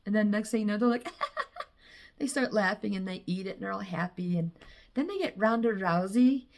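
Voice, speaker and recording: A woman with a warm, mellow voice rambles casually about her own drawings. She swears freely and fills the gaps with "you know.". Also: mid-range voice, normal speed. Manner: loose and profane, with frequent "you know" and laughs. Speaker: vlogger showing her drawings.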